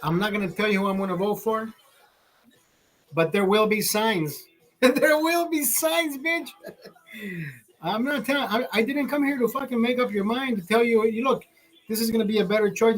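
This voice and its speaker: A man's voice: high voice, normal speed. A man hosting a live stream, ranting in a rambling, profane way with laughing asides. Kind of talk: livestream rant.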